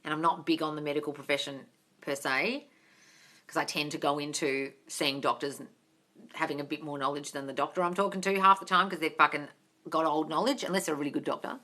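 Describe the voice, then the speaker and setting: A woman's voice: deep voice, steady tone, a little fast, bright, forceful tone. An Australian woman hosting a live Q&A, reading viewers' comments aloud, calling them darling and swearing casually. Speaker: manifestation coach host.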